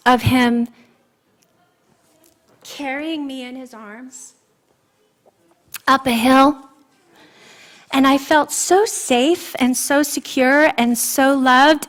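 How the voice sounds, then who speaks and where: A woman preaching a sermon in a church, sharing personal testimony in an earnest, emotional way. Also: fairly high pitch. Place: church sanctuary.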